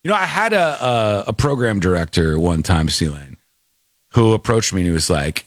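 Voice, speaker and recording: Lively male talk radio host, dry close mic, casual banter with impressions. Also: sits low, moderate pace, dry recording. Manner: animated, mimics voices while telling stories.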